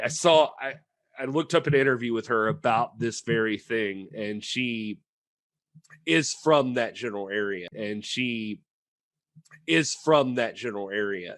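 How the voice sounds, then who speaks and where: A man's voice: mid-range voice, a bit bright, no room sound. A man co-hosting a film podcast, talking casually and chattily with many restarts and fillers. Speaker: podcast co-host.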